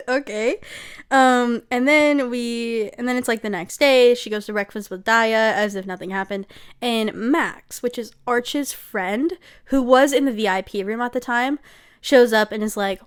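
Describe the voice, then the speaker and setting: A woman recaps a book in a loose, conversational way, her voice sitting a little high. She is sarcastic and chatty, and she keeps breaking into giggles between lines. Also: normal speed, clean tone. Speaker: book reviewer.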